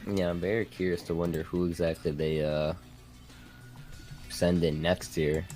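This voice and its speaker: A man casting a live card game match in a relaxed, casual way with short, agreeable remarks. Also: low-pitched, moderate pace, faint music behind. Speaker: esports caster.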